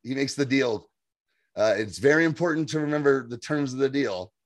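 A man's voice: medium pitch, no echo, studio quality. A man co-hosting a podcast, recapping a TV episode in casual, profane, laughing chat. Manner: animated, profane, laughing, slips into quick voiced impressions. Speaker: podcast co-host.

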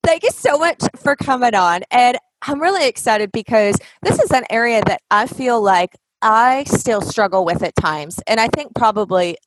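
A woman's voice: fairly high pitch, expressive, moderate pace, few pauses, noisy background. A woman from Washington State hosting a podcast, talking in a chatty, enthusiastic way. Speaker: podcast host. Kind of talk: casual podcast talk.

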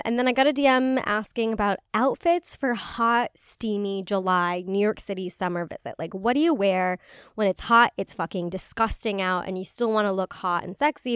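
A woman's voice: medium pitch, moderate pace, clear, resonant tone, no echo, clean studio sound. A woman hosting a casual solo podcast, chatty and swearing freely, with lots of "like". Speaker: podcast host.

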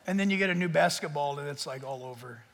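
A man preaching a sermon as a pastor, in an animated, joking way that speaks straight to the crowd. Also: fairly high pitch, fast talker, background noise. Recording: long hall reverb.

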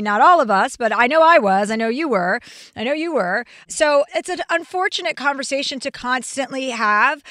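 A woman's voice: on the high side, sharp tone, no room sound, studio quality. A woman in her forties hosting a podcast, a comedian talking in a blunt, profane, casual way. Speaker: podcast host. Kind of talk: casual chat.

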